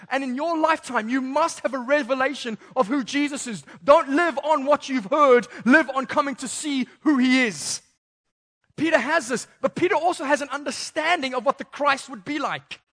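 Young male youth preacher, very high voice, lively and casual, acts out scenes. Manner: lively, acts out Bible characters in slangy voices. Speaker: youth pastor. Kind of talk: sermon.

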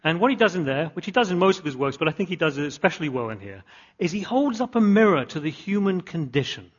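A man delivers a sermon in a husky, somewhat high voice. He repeats phrases for emphasis and builds to earnest, rising peaks. The recording sounds dull and lo-fi. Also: very animated, fast. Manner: earnest, repetitive emphatic preaching with rising climaxes. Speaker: pastor.

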